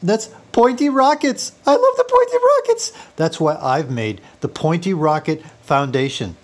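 A man playing a mischievous, rocket-obsessed billionaire tycoon in a comedy sketch, using a put-on South African accent and breaking into giddy, high-pitched squeals. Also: a little slow, lightly acted. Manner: scheming and giddy, bursting into high squealing laughs.

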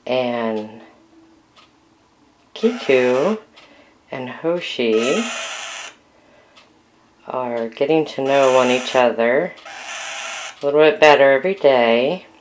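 A woman's voice: extremely low pitch, expressive, slow, long pauses. A woman filming her parakeets at home, narrating and coaxing them in soothing baby talk. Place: home with pet birds. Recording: home video with clear background noise and bird cries.

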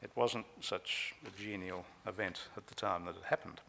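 A man giving a measured conference talk on a legal case, pausing often with fillers, speaking from a lectern microphone. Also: sits low, vocal fry, sharp tone, a little hiss or hum. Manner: measured, with frequent filler pauses. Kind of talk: conference talk recounting trial transcripts. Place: conference hall.

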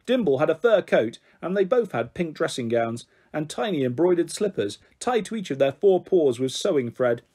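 A man's voice: a little high, moderate pace, few pauses, breathy edge. Man reading a children's story. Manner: gentle, expressive reading. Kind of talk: reading a children's book aloud.

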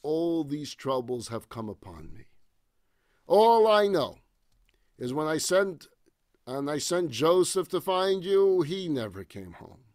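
A man's voice: a little high, sing-song, takes it slowly, darkish tone, dry recording, studio quality. A man playing a grieving, suspicious old father of many sons, complaining bitterly as the story is retold. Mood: bitter, anguished.

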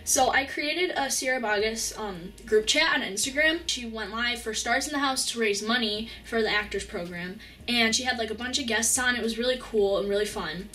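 A teenage girl telling a story in a casual vlog, excited and rambling, with lots of "like" and restarts. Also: on the high side, moderate pace, few pauses, a little hiss or hum. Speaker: vlogger.

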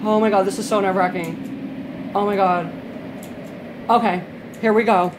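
A woman's voice: mid-range voice, steady tone, normal speed, noisy background. A young woman live-streaming a game, chatting with her chat, a little tipsy, swearing and shrieking when startled. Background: game music.

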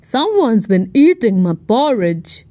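A woman's voice: very animated, takes it slowly, mellow, no room sound. Woman putting on a growling papa bear. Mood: gruff. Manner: growled, low and gruff.

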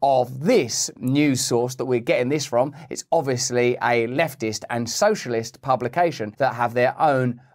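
A man's voice: medium pitch, unhurried, few pauses. A man hosting a political commentary show, with a sardonic, mocking delivery. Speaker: host.

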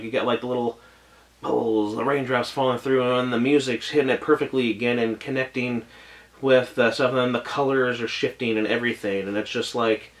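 A man reviews an anime in a loose, rambling way, piling on "like" and "oh my gosh" as he gushes over the scenes. He sounds emotional and gets choked up at times, with a voice pitched in the middle of the male range. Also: fairly bright tone. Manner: gushing, rambling, full of "like" and "oh my gosh". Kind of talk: casual video review.

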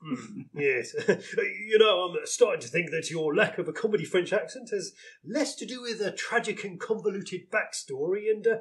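A man doing a blustering, high-voiced bumbling inspector. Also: animated, moderate pace, fairly bright tone. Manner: blustering, stammering, chuckling at himself. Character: pompous, bumbling male police inspector. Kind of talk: live comedy sketch reading.

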